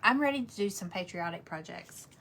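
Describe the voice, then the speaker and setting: A woman's voice: medium pitch, animated, brisk, gravelly, noisy background. Woman, casual rambling host of a home craft livestream. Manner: chatty, rambling, talks straight to viewers.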